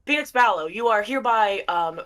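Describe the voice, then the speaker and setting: A woman voicing a large, stern male angel who speaks loudly and formally. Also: medium pitch, lively intonation, fairly quick, close to an everyday voice.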